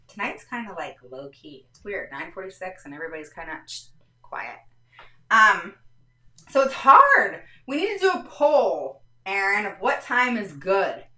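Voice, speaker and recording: This woman's low-sitting voice has a pushed, bright edge. As host of a casual parenting live stream, she lays things out step by step and keeps checking in with "all right," heard through a roomy, somewhat distant mic.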